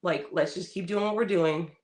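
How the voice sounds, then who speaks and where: A woman's voice: fairly low pitch, moderate pace, a little mellow. A woman co-hosting a casual podcast chat, telling a story bluntly, swearing freely and acting out what people said. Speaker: podcast co-host.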